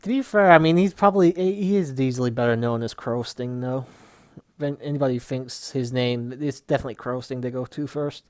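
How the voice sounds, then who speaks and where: A man co-hosting a casual podcast chat while watching wrestling, blunt and quick to swear. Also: medium pitch, no room sound, studio quality. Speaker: podcast co-host.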